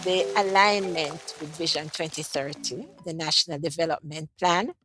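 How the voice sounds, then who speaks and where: A woman answering interview questions about a climate project she leads, in a measured way with frequent ums and restarts. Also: sits low, over music.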